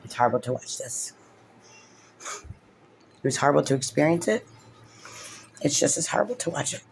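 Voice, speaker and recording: Upset rambling woman with a lowish voice. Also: expressive, normal speed, gravelly, slight background noise. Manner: rambling, full of "like", upset and tearful. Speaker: mother in a custody case. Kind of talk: emotional vlog commentary.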